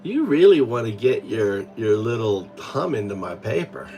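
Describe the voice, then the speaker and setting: A man chatting casually with AI assistants, rambling and halting with many restarts. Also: fairly low pitch, very animated, mellow. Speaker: host.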